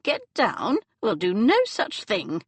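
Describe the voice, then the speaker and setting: A woman's voice: a little high, very animated, unhurried, no room sound, voice pushed up, full character voice. A woman voicing a cross, imperious elderly dowager in an audiobook, speaking in a haughty, scolding, commanding way. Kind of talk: audiobook character voice.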